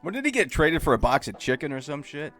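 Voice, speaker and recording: A man's voice: fairly high pitch, very animated, fast, fairly bright tone, faint music behind. A man co-hosting a sports podcast, chatting in an easygoing, profane way and giggling often. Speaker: podcast co-host. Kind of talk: casual sports podcast banter.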